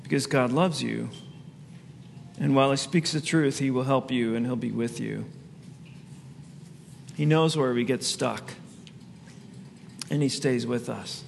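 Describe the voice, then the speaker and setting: Gravelly-voiced male pastor preaching. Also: mid-range voice, unhurried, long pauses, big-room sound, a little hiss or hum. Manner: conversational preaching, laughs at own asides. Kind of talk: sermon.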